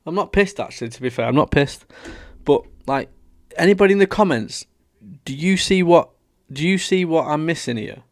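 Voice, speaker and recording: A man's voice: fairly high pitch, lively intonation, normal speed, dry recording. Brash British man with a dry voice. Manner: brash, combative, heavy swearing. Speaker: online reaction streamer. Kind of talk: casual reaction commentary.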